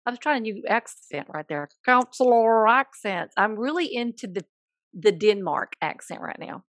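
A woman with a Southern US accent, a school counselor co-hosting a podcast, chatting playfully with jokes and quick asides. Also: medium pitch, very animated, no room sound. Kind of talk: casual chat.

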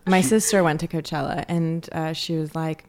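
A woman co-hosting a relaxed podcast, quick to giggle and full of fillers. Her voice sits fairly low for a woman. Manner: giggly, uses lots of "like" and "um". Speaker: podcast co-host. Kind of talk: casual chat.

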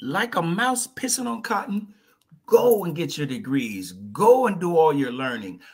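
A man guesting on a podcast, telling his story in a lively, folksy way and slipping into little voices. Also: a little high, measured pace, slightly rough. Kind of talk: animated storytelling in conversation.

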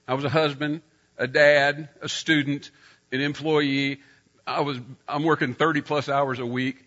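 Sharing a story from his own life during a sermon, this middle-aged preacher raises his voice as he dramatizes the scenes. He speaks at a medium pitch, captured in dull audio.

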